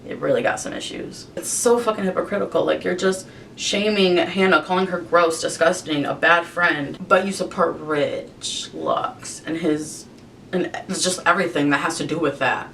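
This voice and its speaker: A young woman vents in a profane, exasperated rant while she does her makeup for a vlog. Her voice is low and gravelly. She sits a little back from the camera mic, with a faint rumble underneath. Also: moderate pace, fairly bright tone, far from the mic. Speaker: vlogger.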